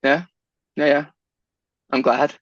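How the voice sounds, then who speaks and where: A man's voice: on the high side, little pitch movement, takes it slowly, fairly bright tone, no room sound, muffled recording. A man co-hosting a podcast in casual chat, joking around, laughing often and asking questions. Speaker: podcast co-host.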